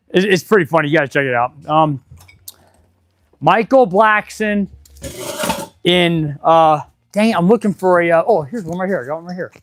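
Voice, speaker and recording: A middle-aged man, an auto mechanic hosting a casual live stream from his garage, chatting and rambling excitably as he works. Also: high-pitched, moderate pace, long pauses, no room sound, studio quality. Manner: chatty, excitable and rambling, with sudden loud outbursts. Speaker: auto mechanic and channel host. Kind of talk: casual live-stream chat while working.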